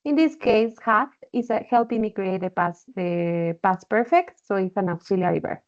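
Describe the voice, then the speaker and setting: A woman's voice: mid-range voice, moderate pace. A woman teaching an online English class, explaining patiently and checking in often with "okay?". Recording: dull lo-fi call audio.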